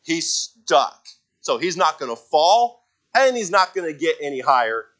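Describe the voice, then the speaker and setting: Halting, story-telling preacher man. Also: a little high, big pitch swings. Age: adult father of a young child. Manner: halting, repeats words and restarts, acts out quoted lines loudly. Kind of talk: conversational sermon storytelling.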